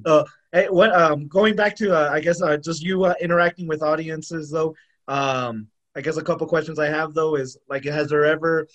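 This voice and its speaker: A man hosts the podcast, feeling his way through his questions with plenty of "uh" and "um." His voice runs a bit higher than average. The sound is somewhat dull and lo-fi. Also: steady tone, a bit bright. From West Texas. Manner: halting, full of fillers and restarts. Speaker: podcast host.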